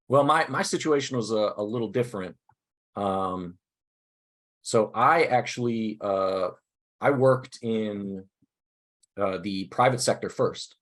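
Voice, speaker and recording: A man presenting a teacher workshop over a video call, upbeat and self-deprecating, talking casually in halting starts from his desk. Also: lowish voice. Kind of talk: casual online workshop talk. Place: indoors at a desk.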